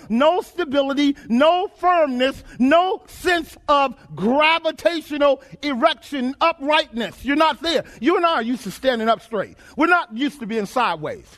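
A male preacher with an unusually high-pitched voice delivers an emphatic sermon. He keeps throwing questions back at the congregation and drives his points home by repeating phrases in rhythm. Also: a bit bright. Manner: emphatic call-and-response questioning.

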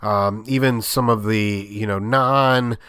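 A man's voice: lowish voice, fairly even intonation, slow, a bit bright, clean tone, dry recording, clean studio sound. Rambling, filler-heavy male sports host. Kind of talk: casual sports commentary monologue.

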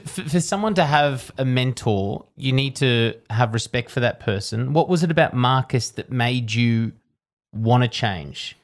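A man hosting an interview, asking questions in a relaxed, friendly way. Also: medium pitch, unhurried. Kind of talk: casual interview.

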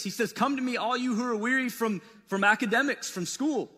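Casting note: man with a high voice, relaxed conversational sermon style, recorded in a hall with long echo. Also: brisk, hardly any pauses. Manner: casual, conversational preaching with wide swings in pitch and loudness. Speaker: preacher. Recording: long reverb of a large hall.

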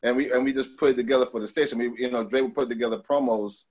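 A middle-aged man from Long Island, telling stories in a casual interview, animated, with many fillers and restarts. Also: mid-range voice, very fast, breathy edge. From Long Island, New York. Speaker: guest.

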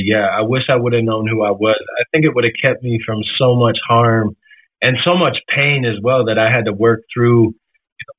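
Earnest man on a tinny phone line. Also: on the low side. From Florida. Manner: earnest, reflective, gets emotional. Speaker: guest musician. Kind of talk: radio interview.

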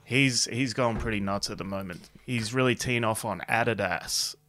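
A man's voice: fairly low pitch, normal speed, bright, forceful tone. A man, co-hosting a casual gossip podcast and telling stories in a laid-back way, with the odd swear. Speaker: podcast co-host.

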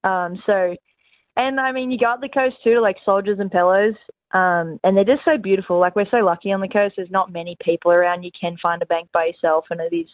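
A young Australian woman, a guest surfer, chatting in a relaxed, friendly way with lots of fillers over the phone. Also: mid-range voice, brisk, no echo. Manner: laid-back, friendly, filler-heavy. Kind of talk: radio phone interview. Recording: tinny phone line.

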